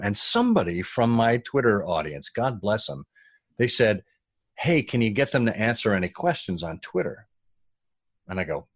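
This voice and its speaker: A man telling a story in a casual interview, animated and acting out the voices of the people he quotes. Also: on the low side, normal speed, no room sound. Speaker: guest.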